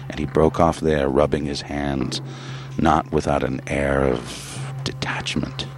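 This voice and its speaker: A man reading a literary story aloud in a measured, grave way with drawn-out pauses. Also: very deep voice, level tone. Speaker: narrator.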